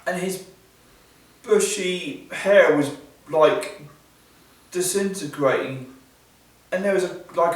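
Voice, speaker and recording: A man telling a fairy tale aloud at a live event, in simple, repetitive phrasing with pauses. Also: a little high, a bit bright. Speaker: storyteller. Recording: echoey hall from far off.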